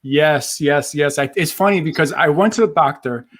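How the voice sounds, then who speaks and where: A man's voice: on the high side, normal speed, a bit bright. A man with a New York accent, a guest in a casual interview, who talks easily, repeats his phrases and chuckles often. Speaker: guest, motivational speaker. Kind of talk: casual video chat interview.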